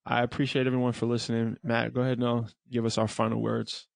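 A man's voice: medium pitch, completely flat delivery, fast talker, creaky, no room sound. A male podcast host talks effusively and gratefully. He stumbles through repeated words and restarts and calls people bro. The sound is dry and close. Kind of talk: casual podcast talk.

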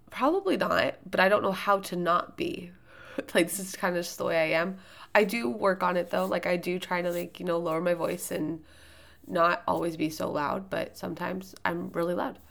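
Loud, chatty woman with a low gravelly voice. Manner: chatty, rambling, with many fillers and restarts. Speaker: podcast host giving writing tips. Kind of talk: casual solo talk.

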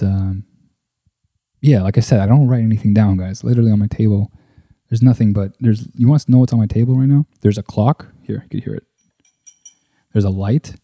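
A young man rambles through a solo podcast in a low, dark, mellow voice that stays fairly flat. He swears freely and leans on "like" and "you know", speaking close to a desk microphone in a dry, tight-sounding room. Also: no room sound. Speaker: podcast host. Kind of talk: casual solo podcast monologue. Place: at a table indoors. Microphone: desk microphone close to the mouth.

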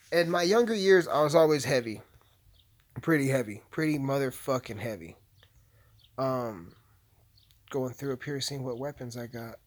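A man hosting a podcast, chatting casually with constant swearing and crude jokes while playing a video game. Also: fairly high pitch. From United States. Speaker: podcast host. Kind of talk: profane casual podcast chat while gaming.

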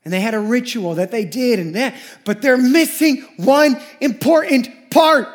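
A man preaching a sermon as pastor, emphatic and repetitive, swinging from loud lines to hushed ones. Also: very high-pitched, measured pace.

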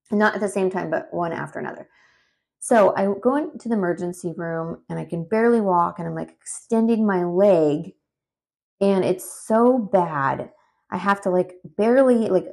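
A woman's voice: fairly low pitch, vocal fry. A woman in her thirties telling a personal story in a chatty, rambling way with lots of fillers. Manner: chatty and animated, many fillers, rambling asides.

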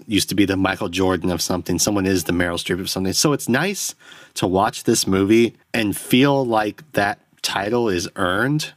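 A man's voice: fairly low pitch, no echo. A man hosting a podcast alone, rambling through a profane, self-deprecating film review into a close microphone. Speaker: podcast host. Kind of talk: solo film review rant.

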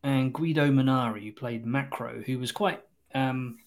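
A man co-hosting a casual film chat, blunt and dry, with crude jokes and hesitant pauses. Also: medium pitch, fairly even intonation.

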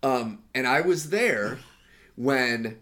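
Brief: male podcast co-host, mid pitch, rambling casual storyteller. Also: animated, very slow, a bit bright. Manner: rambling, laughs while retelling scenes. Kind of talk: casual chat.

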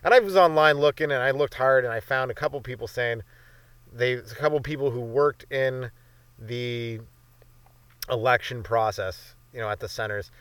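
A man's voice: mid-range voice, fairly bright tone, clean tone, no echo. Profane Canadian man riffing solo. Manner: profane, jumps between bits and silly voices. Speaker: podcast host. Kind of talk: rambling solo comedy monologue.

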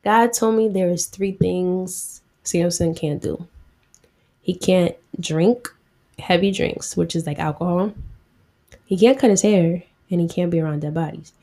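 A woman's voice: on the low side, a little slow, dark tone. A woman voicing a casual, chatty angel who delivers news like a friend. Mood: breezy. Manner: breezy, talkative.

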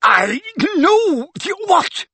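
A whiny, spluttering small-time wizard thief, as a male reader puts him on. The voice sits well above the reader's own, wheedling and squeaky. The recording is dry and close. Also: big pitch swings, drawn-out words, sharp tone, no room sound, heavily acted. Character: shifty petty thief, middle-aged male wizard.

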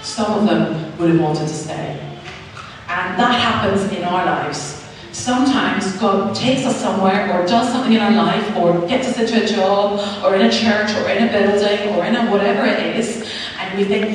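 A woman's voice: mid-range voice, moderate pace, slight background noise. A woman in her thirties with a Northern Irish accent giving a chatty, self-mocking personal testimony as a church speaker, acting out both sides of her conversations. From Northern Ireland. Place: church hall. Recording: echoey hall from far off.

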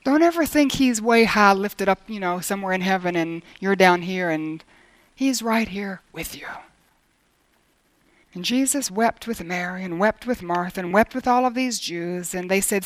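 A woman's voice: mid-range voice, expressive, moderate pace, no room sound. A middle-aged woman preaching earnestly, acting out quoted prayers as she teaches. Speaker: Bible teacher. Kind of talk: sermon.

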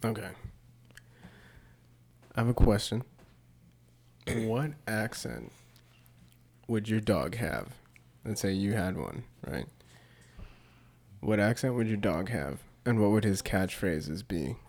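A man's voice: fairly low pitch, animated, slow, long pauses, darkish tone. A man co-hosting a podcast, teasing and asking questions in casual chat. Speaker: podcast co-host.

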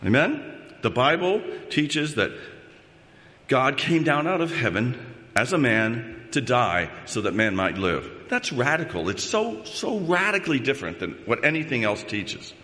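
A man delivers a sermon as a pastor, talking conversationally and often pausing to check in with the congregation. His voice sits at a medium pitch for a man. It rings out with a long, lingering reverb from a large church hall. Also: big pitch swings, sharp tone.

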